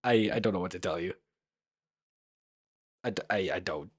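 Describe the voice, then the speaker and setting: A man's voice: sits low, moderate pace, breathy edge. A young man giving casual reaction commentary as an anime YouTuber, blunt and profane, rambling with lots of fillers.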